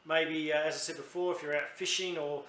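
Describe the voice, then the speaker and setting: A man's voice: a little high, little pitch movement, a little fast, a bit bright, roomy sound. An Australian man reviewing a beer in a casual, chatty, rambling way, often correcting himself mid-sentence.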